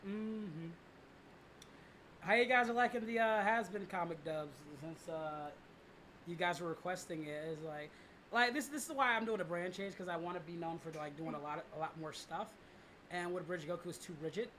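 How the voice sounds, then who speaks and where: A young man chats on his livestream in a rambling, unguarded way, full of restarts and casual swearing. His voice sits high and sounds bright and forward, with faint background noise on the mic. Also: normal speed. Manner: rambling, lots of fillers and restarts, swears freely. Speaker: livestream host and voice director.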